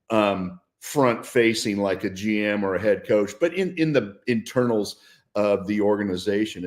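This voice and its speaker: A man in his sixties, a guest on a talk show, telling a story in an upbeat, casual way with frequent restarts. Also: lowish voice. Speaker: guest, former football player. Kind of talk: casual interview chat.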